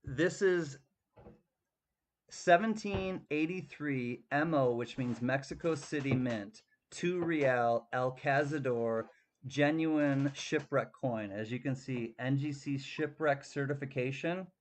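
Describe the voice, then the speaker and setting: A man's voice: mid-range voice, slow pace, slight background noise. A man running a live-stream coin auction, chatty and thanking bidders by name.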